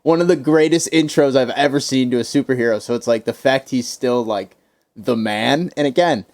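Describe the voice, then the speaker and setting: A man in casual podcast chat, voice at an ordinary middle pitch. He rambles and swears freely, acting out bits of scenes as he goes. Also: normal speed. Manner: rambling, profane, animated retelling of scenes. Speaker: podcast co-host.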